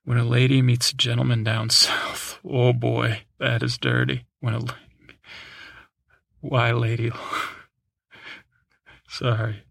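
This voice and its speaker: A podcast host reads a long list for a sleep show, taking it slowly with frequent pauses, chuckles, asides and snatches of song. His mid-range voice is gravelly yet fairly bright, captured in a dry, studio-quality recording.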